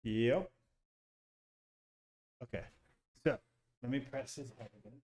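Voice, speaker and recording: A man on a live stream, chatting casually to viewers as he sets up a small robot, getting excited and talking through every step. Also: mid-range voice, takes it slowly. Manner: excitable, talks to viewers while fiddling with a robot. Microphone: computer mic, second mic added.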